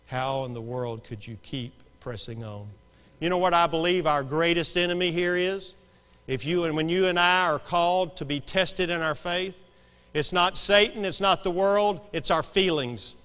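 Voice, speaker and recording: Male pastor, sermon, bright high voice, long hall reverb, hushed to shouting. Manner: dramatic swings from hushed to shouting. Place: church sanctuary.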